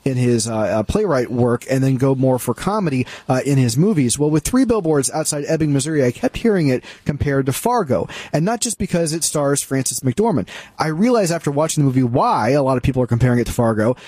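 A man's voice: mid-range voice, lively intonation, brisk, darkish tone, no echo. A man co-hosting a casual movie review discussion, opinionated and conversational, with frequent fillers and restarts. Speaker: film critic co-host.

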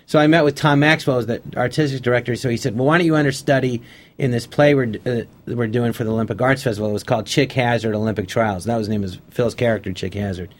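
A man's voice: medium pitch, steady tone, fast. A man being interviewed on a radio show, telling anecdotes casually and acting out the conversations he remembers. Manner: anecdotal, acts out past conversations in quotes. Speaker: guest comedian.

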